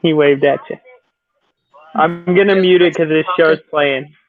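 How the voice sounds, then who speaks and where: A man chatting in a relaxed way on a live video call while a small child sits with him. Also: a little high, unhurried, faint music behind. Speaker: guest on a live stream. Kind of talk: casual live-stream chat. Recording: tinny dry phone-like call.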